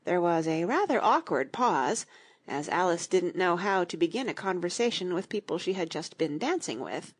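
A woman reading a children's audiobook aloud in an expressive, storytelling manner. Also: on the low side, moderate pace, breathy edge. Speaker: audiobook narrator.

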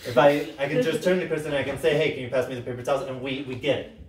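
A man's voice: medium pitch, rapid-fire. Man leading a workshop in a roomy space. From Sicilian background. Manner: animated, acts out quoted lines loudly, frequent "right?". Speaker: workshop facilitator. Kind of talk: workshop talk. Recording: roomy, from a distance.

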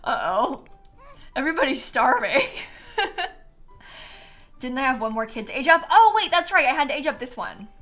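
Young florida girl streaming, chatty and giggly, lots of "like", clear bright voice. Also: sits high, sing-song, unhurried, pauses often, soft background music. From Florida, USA. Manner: chatty and rambling, laughs often, lots of "like". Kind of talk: casual chat while playing a game.

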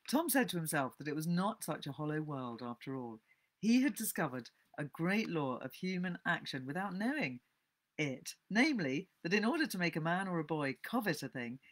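A woman reading a classic novel aloud and commenting on it, in an expressive storytelling manner. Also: sits low. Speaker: book vlogger.

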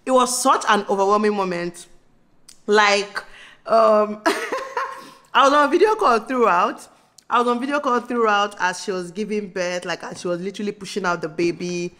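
A woman in her thirties with a Nigerian accent, chatting excitedly to camera in a casual vlog, bubbly and laughing often. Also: mid-range voice, moderate pace. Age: 30s. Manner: bubbly, laughing, breaks into squeals. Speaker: vlogger.

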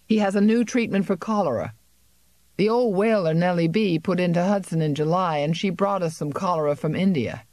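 A woman's voice: on the low side, a little fast, darkish tone, dry recording, natural voice. A good-humored young country doctor speaks easily and cheerfully, read by a woman. The storybook narration is close-miked and dry. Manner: easygoing, cheerful.

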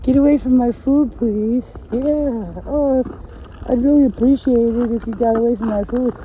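A man's voice: fairly even intonation, normal speed, warm tone, a little hiss or hum, low-quality recording. A man voicing a polite, meek dog who begs another dog to leave its food alone. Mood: pleading. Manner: high, pleading, whiny.

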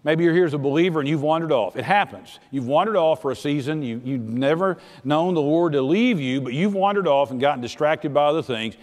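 A middle-aged pastor preaching a sermon in a plainspoken, folksy, earnest way, shifting between soft and loud. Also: male voice, a little high, lively intonation, fairly quick, hardly any pauses. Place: church sanctuary. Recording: church sanctuary with long reverb.

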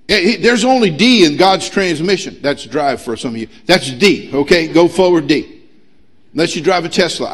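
Man, middle-aged, pastor, sermon, slightly high voice, emphatic, humorous. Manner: emphatic preaching with humor and rising intensity. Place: church sanctuary.

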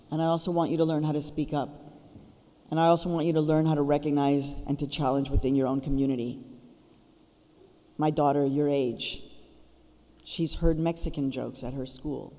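A woman's voice: deep voice, fairly even intonation, normal speed, long pauses, mellow. A woman giving a keynote speech, telling stories and urging her audience directly. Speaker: keynote speaker. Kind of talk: public speech. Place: school auditorium. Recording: reverberant auditorium.

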